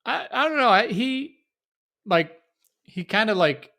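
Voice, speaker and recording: A man's voice: high-pitched, expressive, a little slow, creaky, sharp tone. A man co-hosting a podcast in casual chat, easygoing and hesitant, often giving short answers. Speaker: podcast co-host.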